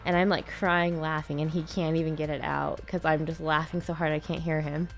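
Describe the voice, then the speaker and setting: A woman's voice: low-pitched, level tone, fairly quick, faint music behind. A woman in casual chat, telling a story and laughing through it. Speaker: co-host, married to the other host.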